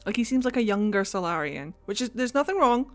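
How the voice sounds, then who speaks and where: A woman streaming a game, gushing and excitable, often repeating her words. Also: fairly high pitch, a little fast, faint music behind. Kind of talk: casual gameplay commentary.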